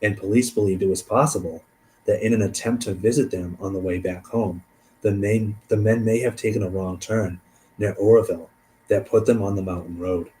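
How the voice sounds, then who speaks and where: A man hosting a stream, reading a case aloud and thinking out loud between passages, trailing off and restarting. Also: fairly low pitch, steady tone, a little fast, slight background noise, poor audio. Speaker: host.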